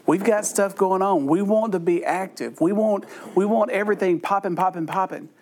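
A man's voice: sits high, normal speed, darkish tone. A middle-aged man leading a Bible study, joking and chatting with the group. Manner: joking, conversational, self-deprecating asides. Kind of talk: humorous Bible study talk.

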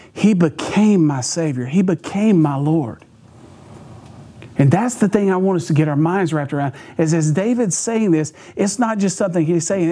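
Man, pastor, high-pitched, animated sermon storytelling, chuckles. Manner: animated, chuckling, restarts phrases.

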